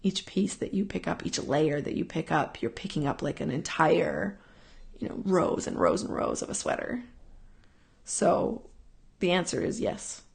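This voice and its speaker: A woman with a deep, gravelly voice and lively intonation hosts a casual live talk, speaking a little slowly. She answers viewer questions earnestly but ramblingly, circling back and repeating herself.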